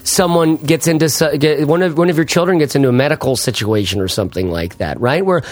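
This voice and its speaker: A man hosting a podcast in a casual, energetic monologue, playful and hamming it up, and often asking "right?" and "why?" as he talks. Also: a little high, fast, no echo. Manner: playful, hams it up. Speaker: podcast host.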